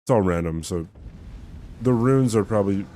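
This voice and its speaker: A man's voice: on the low side, lively intonation, normal speed, dark tone, a little hiss or hum. A young man streaming a game, chatting to viewers in a rambling, self-mocking way and laughing often. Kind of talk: casual chat while gaming.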